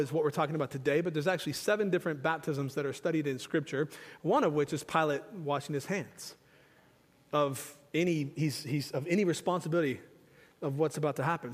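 A male pastor preaching a sermon with fervent emphasis, repeating phrases and restarting lines as he builds his points. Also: a little high. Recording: long hall reverb.

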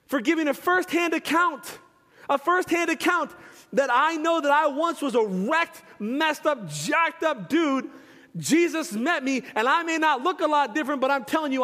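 A high-pitched male pastor preaching with fervent emphasis, repeating his phrases as he builds each point. His voice carries a long reverb from a large church sanctuary. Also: fairly bright tone. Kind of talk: sermon.

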